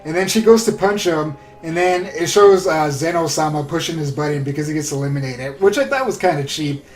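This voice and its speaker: A man casually recapping an anime episode in a rambling, excitable way, full of fillers. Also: a little high, fairly quick. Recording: roomy echo with faint music.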